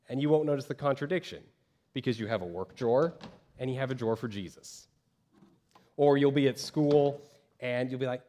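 A man preaching a sermon as pastor from a church stage, lively, acting out the voices of the people he describes. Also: mid-range voice, normal speed. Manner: animated, acts out quoted voices of churchgoers.

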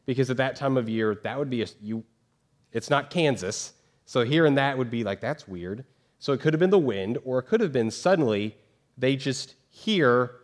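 A pastor giving a casual, conversational sermon to his congregation, full of fillers and rhetorical questions. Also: medium pitch.

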